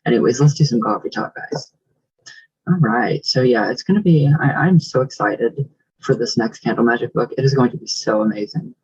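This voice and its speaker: Husky, gushing man on a muffled recording. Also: medium pitch, expressive, moderate pace, darkish tone. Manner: effusive, gushing and rambling. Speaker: vlogger. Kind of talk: casual vlog chat reading comments.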